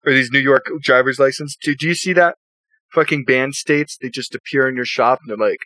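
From the southern US, a podcast host tells crude stories full of swearing and laughter in casual chat. His medium-pitched voice is brisk and sharp, recorded with no echo but at low quality.

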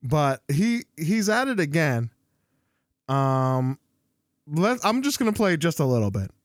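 A man co-hosting a podcast in casual chat, animated and laughing often, restarting his sentences. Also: a little high, measured pace, no room sound, studio quality. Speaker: podcast co-host.

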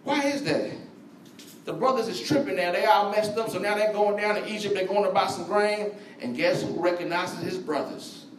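A high-pitched man preaching a sermon, speaking conversationally and slangily and calling out to his congregation. He sounds distant from the mic, and his voice rings around an echoey church hall. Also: moderate pace, a little hiss or hum. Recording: echoey room, voice from far off.

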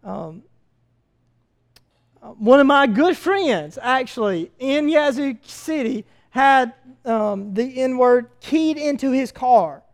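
A man's voice: extremely high pitch, animated, slow. A man preaching a sermon as pastor, telling stories in a conversational way with frequent fillers. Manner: conversational storytelling with hesitant fillers.

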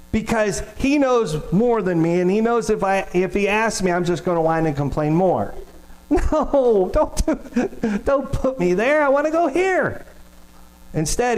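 A middle-aged male pastor preaches in an easy, storytelling manner, his voice sitting a little higher than most men's. He keeps turning to the congregation with questions. A low electrical hum runs under his voice throughout. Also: low-quality recording. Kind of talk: sermon.

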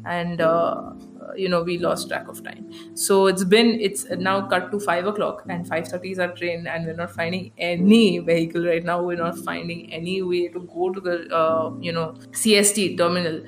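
A woman's voice: lowish voice, little pitch movement, moderate pace, over music. A young woman with an Indian accent, hosting a podcast and telling a story casually, swearing a lot and mixing in Hindi. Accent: Indian English. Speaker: podcast host.

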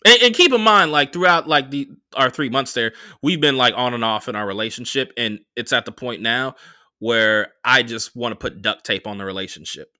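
A young man hosting a podcast, telling a story in a casual, profane, animated way and acting out the quotes. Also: medium pitch, normal speed, smooth, dry recording, clean studio sound. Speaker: podcast host.

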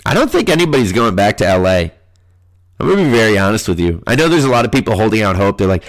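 A man's voice: fairly low pitch, sing-song, fast talker, a bit bright. A young man hosting a podcast, talking in a loose, rambling, profane monologue. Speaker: podcast host. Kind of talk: casual monologue.

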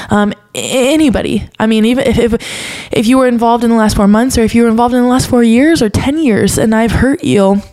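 A woman's voice: on the high side, warm tone. Young woman on her podcast, earnest confessional faith talk, gets a bit emotional. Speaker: podcast host.

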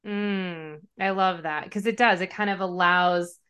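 A woman's voice: fairly low pitch, steady tone, unhurried, a bit bright, smooth. A woman hosting a podcast conversation who rambles, searches for her words and fills the gaps with "like". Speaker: podcast host. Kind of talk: casual conversation.

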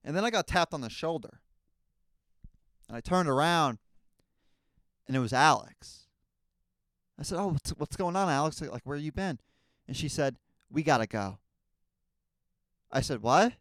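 A man's voice: on the high side, lively intonation, normal speed, long pauses, a bit bright, no room sound, studio quality. A young man hosting a comedy podcast, telling a story in a rambling, stammering way with lots of swearing. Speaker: podcast host.

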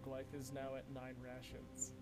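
A man's voice: mid-range voice, monotone, normal speed, loud music behind the voice. A man playing a tabletop game, with an easygoing, giggly way of talking. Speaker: player. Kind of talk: casual play and chat.

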